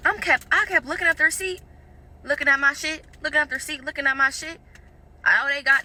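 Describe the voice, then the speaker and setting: A woman's voice: high voice, brisk, sharp tone. A woman in a casual vlog rant, exasperated, repeating herself and swearing, recorded in a car.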